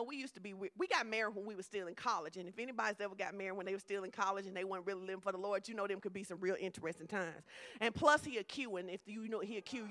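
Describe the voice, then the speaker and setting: A middle-aged woman preacher giving a lively, conversational sermon with humor. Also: fairly high pitch.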